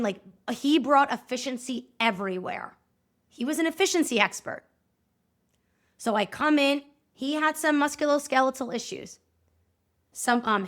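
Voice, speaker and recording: A woman hosting a podcast, telling a story in a lively way and acting out both sides of the conversations. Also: fairly high pitch. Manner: animated, acts out both sides of dialogues. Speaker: podcast host and movement coach. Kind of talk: storytelling monologue.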